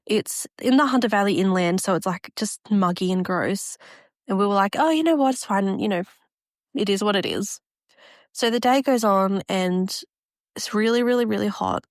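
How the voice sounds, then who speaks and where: A woman's voice: medium pitch, no room sound, studio quality. A young woman telling a story casually on a podcast, swearing freely and acting out what people said. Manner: swears freely, acts out quotes in other voices. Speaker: podcast co-host.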